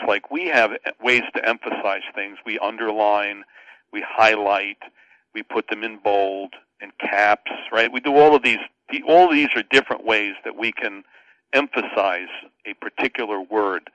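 A man's voice: lowish voice, a bit bright, no echo, highs cut off. An older man, a pastor, explaining a Bible verse as a radio guest in an earnest, teacherly way with many restarts.

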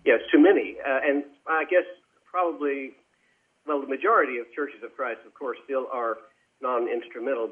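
A man who is a guest in a radio interview, speaking in a measured, courteous way with frequent fillers. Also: medium pitch. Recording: tinny phone line.

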